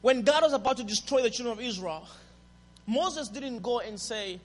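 A man preaching a passionate sermon as a pastor, dropping to a hush and then building to shouts. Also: very high-pitched, moderate pace. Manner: passionate, swings from hushed to shouting. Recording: reverberant hall.

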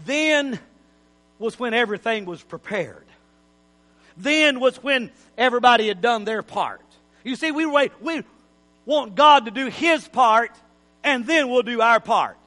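A pastor preaching an emphatic sermon in a church and calling on the congregation to repeat after him. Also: male voice, very high voice, lively intonation, measured pace, bright, forceful tone, long reverb tail. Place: church sanctuary.

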